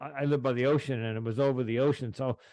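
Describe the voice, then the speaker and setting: A man with a Long Island accent hosting a podcast interview, talking haltingly with fillers and throat clearing. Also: medium pitch, fairly even intonation, mellow, dry recording. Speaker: podcast host.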